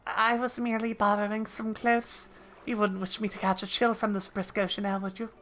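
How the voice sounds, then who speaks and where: A woman's voice: medium pitch, flat delivery, a little fast, a bit bright, soft background music, pitched above the performer's own voice, lightly acted. A woman playing a prim, haughty young lady. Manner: formal, haughty diction.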